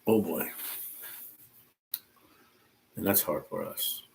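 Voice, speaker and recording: A man's voice: low-pitched, vocal fry, a little mellow, a little hiss or hum, low-quality recording. A man reading a Bible passage aloud, stopping often to add informal comments of his own. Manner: reads slowly and pauses to comment, informal asides. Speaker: Bible teacher.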